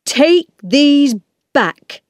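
A woman's voice: fairly low pitch, extremely slow, dark tone, no echo, studio quality. Woman reading as a proud, stern railway porter. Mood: proud refusal. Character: proud, kindly working-class railway porter man.

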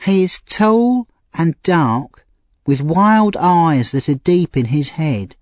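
A male narrator voicing a frightened, troubled young woman in a high, slow, pleading voice for an audiobook. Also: animated, a little mellow, dry recording. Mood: earnest sad. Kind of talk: audiobook character reading.

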